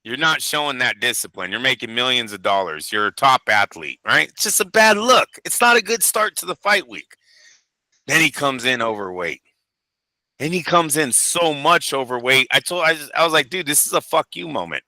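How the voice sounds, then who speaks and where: A man co-hosting a boxing news show in casual, profane chat, animated and acting out quotes. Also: medium pitch, normal speed, dry recording, low-quality recording. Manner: animated, swears a lot, acts out quotes.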